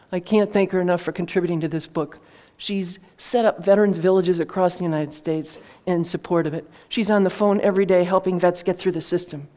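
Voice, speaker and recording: A woman's voice: lowish voice, dark tone. A woman author telling a heartfelt story to an audience in an earnest, conversational way, with fillers and restarts. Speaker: author presenting her book.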